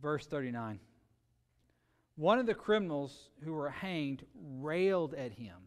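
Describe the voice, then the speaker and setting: A man preaching a sermon earnestly, with sudden shifts between loud emphasis and quiet, drawn-out words. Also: a little high, expressive, big-room sound. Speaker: pastor.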